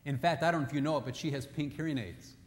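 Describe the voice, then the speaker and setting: A man's voice: on the high side, racing. A man giving a humorous marriage seminar talk, telling stories and acting out the quotes in them, with scripture mixed in. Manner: jokey storyteller who acts out quotes. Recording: echoey hall.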